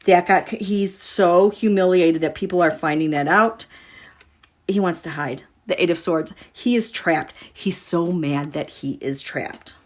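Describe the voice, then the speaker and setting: A woman's voice: lowish voice, a little slow. A woman giving a casual tarot reading to her viewers, musing and dramatic as she talks through the cards. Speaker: tarot reader.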